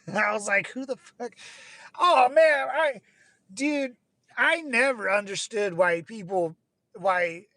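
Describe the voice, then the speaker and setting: A man's voice: high-pitched, a bit bright, no room sound. A young man from California ranting casually, rambling with frequent restarts, fillers and swearing. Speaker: channel host. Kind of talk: casual rant.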